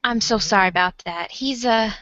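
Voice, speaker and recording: A woman's voice: a little high, moderate pace, fairly bright tone, no echo, highs cut off. A woman playing a tabletop game, pleading in character. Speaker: player.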